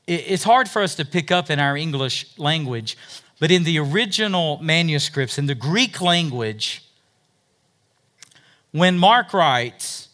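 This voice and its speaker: Pastor, male, bright higher voice, preaching verse by verse, big swings from loud emphasis to hushed asides. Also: lively intonation, measured pace. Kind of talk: sermon.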